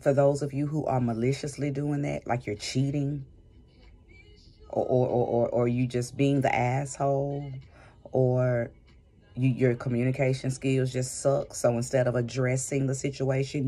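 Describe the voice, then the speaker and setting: A woman's voice: very deep voice, level tone, a little slow, mellow. A woman who does spiritual readings, giving an emphatic advice monologue and repeating phrases for stress. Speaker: spiritual reader and vlogger.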